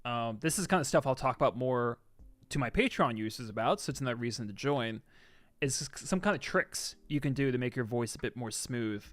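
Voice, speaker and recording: A man chatting casually on a live stream, reading viewer comments and swinging between loud excited outbursts and soft asides. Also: medium pitch, a little fast, no room sound.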